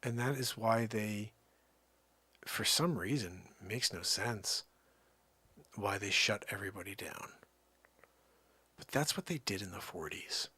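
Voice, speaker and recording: A man's voice: on the low side, a little slow, pauses often, pushed and bright, slightly rough, no room sound. A man hosting a livestream, ranting in a heated, sarcastic and exasperated way. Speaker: livestream host. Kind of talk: ranting live commentary.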